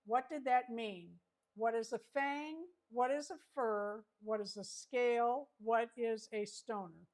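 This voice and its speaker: A woman hosting a livestream trivia chat, reading each question slowly and repeating it. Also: a little high, a little mellow. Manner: slow, reads questions twice. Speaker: host.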